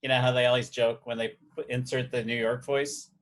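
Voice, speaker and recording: A man's voice: mid-range voice, flat delivery, fairly quick. A man hosting a casual podcast chat, telling rambling stories with jokes. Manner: rambling, joking storyteller. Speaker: podcast host and editor.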